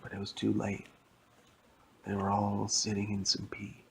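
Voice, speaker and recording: A man's voice: lowish voice, completely flat delivery, a little slow, gravelly, a bit bright, slight background noise, rough recording. A man telling a playful, rambling story that he makes up as he goes. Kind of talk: improvised spoken story.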